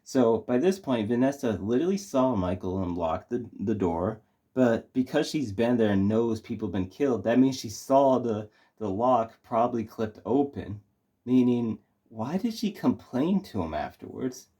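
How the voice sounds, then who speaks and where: A man's voice: mid-range voice, expressive, moderate pace, warm tone, breathy edge. A young man reviewing a movie in casual chat, rambling with lots of fillers and restarts.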